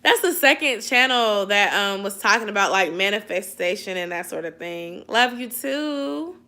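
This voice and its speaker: A woman's voice: medium pitch, expressive, moderate pace, pushed and bright. A young woman from the Atlanta area, hosting a casual late-night livestream, chatting with viewers and giving sisterly advice while sleepy and yawning. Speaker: YouTube livestream host. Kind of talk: casual livestream chat reading viewer comments.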